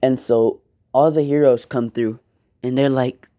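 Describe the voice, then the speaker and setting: A man's voice: medium pitch, steady tone, measured pace, dark tone. A young man casually telling a fan-made story, rambling with slang, profanity and side comments.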